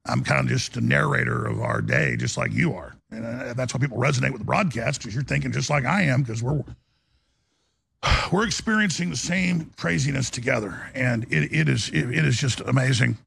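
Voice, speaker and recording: A male talk radio host with a gravelly, raspy voice, rambling in an impassioned studio monologue with restarts and rising outbursts. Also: medium pitch, normal speed, a bit bright. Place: broadcast studio.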